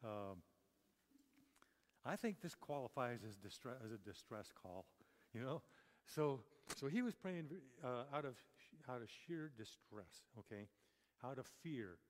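A man's voice: medium pitch, animated, unhurried. A man preaching a conversational sermon, chatty and full of rhetorical questions and self-corrections. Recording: long reverb of a large hall.

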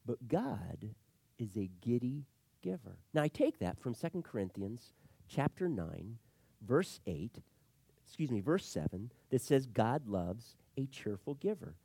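A middle-aged man pastor preaching a sermon, animated, swinging between loud emphatic lines and hushed asides. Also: mid-range voice, a little slow, vocal fry, husky, no echo.

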